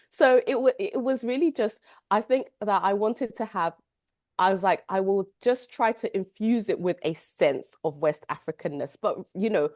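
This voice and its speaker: A woman's voice: mid-range voice, moderate pace, a little mellow, no room sound, clean studio sound. A woman author talking casually about writing her book, with lots of restarts and "you know". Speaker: author guest. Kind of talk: casual book club conversation.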